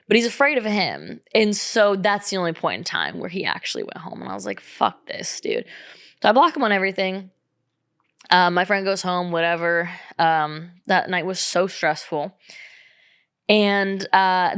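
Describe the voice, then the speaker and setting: A woman's voice: on the low side, a bit bright, dry recording, clean studio sound. A young woman telling a personal story in casual, candid talk, swearing freely and acting out what others said. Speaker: vlogger.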